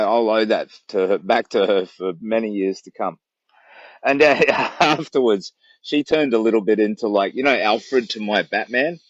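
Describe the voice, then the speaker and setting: A man's voice: lowish voice, no echo, lo-fi sound. An Australian man on a long charity walk, chatting casually to a livestream from his camp in the bush and telling rambling stories with a laugh. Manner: rambling, warm storytelling with laughs. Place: camped outdoors in the bush. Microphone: phone livestream.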